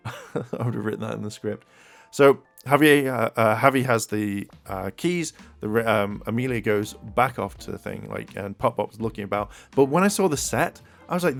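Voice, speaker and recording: A man reviews a show episode in a loose, chatty way, stumbling through fillers and restarts. His voice sits in a middle pitch and often rises when he gets excited. Soft music runs faintly underneath. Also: moderate pace, gravelly. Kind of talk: casual video review.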